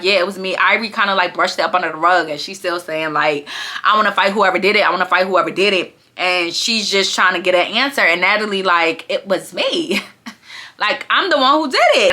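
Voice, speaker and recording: A young woman with a bright, forward voice tells the story in a lively, gossipy way, talking straight to her viewers. Her delivery is casual and chatty, with the rhythm of a friend catching you up. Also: mid-range voice. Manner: animated gossipy storytelling, addresses viewers as y'all. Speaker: vlogger recapping a reality show.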